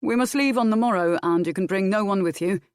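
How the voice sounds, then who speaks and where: A woman's voice: mid-range voice, fast, darkish tone, no echo, studio quality, natural voice. A woman voicing a dutiful male guard captain who speaks formally and urgently, in an audiobook.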